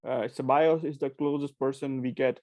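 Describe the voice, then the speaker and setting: A man's voice: mid-range voice, fairly even intonation, fairly quick, a little mellow, no echo. A man hosting a casual football podcast, hedging his points with plenty of "I think" and fillers. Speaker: podcast host.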